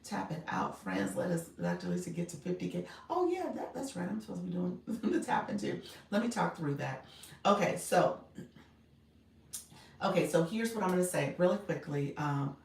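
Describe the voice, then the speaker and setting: A woman's voice: on the low side, sing-song, moderate pace, creaky, distant mic. Giggly woman livestreaming in an echoey room. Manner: chatty and giggly, reads and answers the chat. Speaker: livestream host and coach. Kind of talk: casual livestream chat to viewers.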